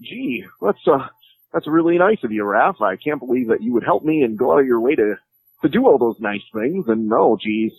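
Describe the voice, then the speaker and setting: A man's voice: medium pitch, big pitch swings, normal speed, darkish tone, husky, dry recording, low-quality recording. A man voicing an overly polite, gushing grown man in a sugary gee-whiz manner.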